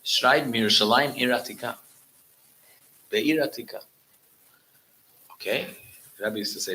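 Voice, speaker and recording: Guest rabbi, male, lively storyteller with a bright edge, restarts a lot, Yiddish and Hebrew words mixed in. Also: on the low side, unhurried, long pauses, slight background noise, low-quality recording. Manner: frequent restarts and repeated words. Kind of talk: storytelling talk at a religious gathering.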